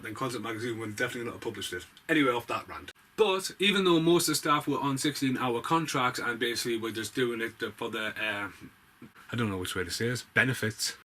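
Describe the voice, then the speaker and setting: A man with a bright, forceful voice rants his way through a story, sweary and sarcastic. His talk is loose and unscripted, with lots of asides. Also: medium pitch, slightly rough. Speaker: vlogger. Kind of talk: ranting storytelling monologue.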